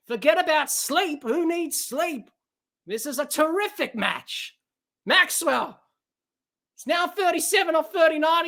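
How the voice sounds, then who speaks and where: Very high, bright Australian woman commentator. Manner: excitable, yelling at big hits. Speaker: podcast host. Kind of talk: excited live cricket commentary.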